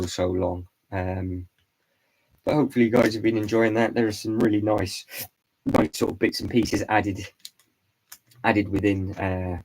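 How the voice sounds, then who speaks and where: Hoarse, congested man on a live stream. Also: low voice, darkish tone, a little hiss or hum, low-quality recording. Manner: rambling, repeats words, reads out chat names. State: hoarse, losing his voice, congested from hay fever. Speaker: vlog host doing a live stream. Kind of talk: casual live-stream chat.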